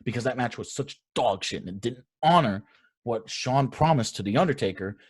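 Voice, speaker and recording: A man's voice: mid-range voice, lively intonation, normal speed, a crowd in the background. A young man co-hosting a casual talk show, ranting with heat and plenty of swearing. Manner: heated, profane ranting. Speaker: podcast co-host.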